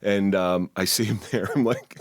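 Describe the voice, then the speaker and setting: A man with a lowish voice tells crude stories from police work, then turns blunt and reflective about the job. The recording is dry and close, with no room sound. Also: moderate pace, no room sound. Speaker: podcast guest, law enforcement officer. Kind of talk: casual storytelling chat.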